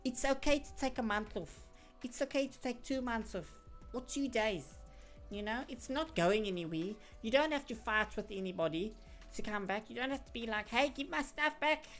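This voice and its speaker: A woman's voice: on the high side, moderate pace, faint music behind. A woman livestreaming in casual chat, playfully indignant and mock-dramatic, breaking off to thank viewers. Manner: chatty, reacting to viewer donations mid-sentence.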